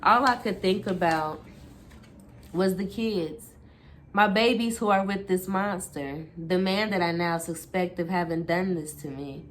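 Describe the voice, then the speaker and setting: A woman reading a first-person memoir aloud for her book channel, steady and unhurried. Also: on the low side, slight background noise. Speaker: booktuber.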